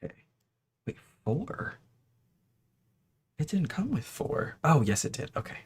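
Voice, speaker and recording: A man chewing gum while hosting a casual livestream chat as he builds a toy kit. He talks softly, mutters to himself and giggles often. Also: on the high side, huge pitch swings, measured pace, slightly rough. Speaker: host.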